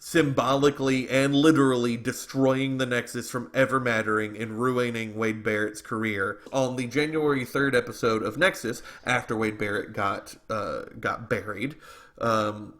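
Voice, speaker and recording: A male podcast co-host talks in loose, opinionated chat, circling back and restarting his thoughts as he goes. His voice is bright and a little tense. It sits at an ordinary middle pitch. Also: steady tone, normal speed. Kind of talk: casual wrestling commentary chat.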